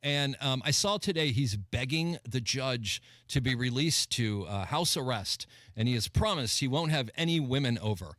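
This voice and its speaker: A man's voice: mid-range voice, animated, normal speed, few pauses, a bit bright, no room sound. A man guest co-hosting a radio talk show, telling anecdotes in casual chat and laughing between lines. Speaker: guest co-host. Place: radio studio.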